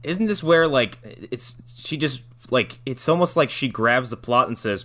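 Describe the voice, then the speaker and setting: A man's voice: medium pitch, lively intonation, measured pace, hardly any pauses, pushed and bright. A man co-hosting a casual podcast, making wry jokes about a movie. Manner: wry, joking asides. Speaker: podcast co-host. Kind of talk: casual movie-recap chat.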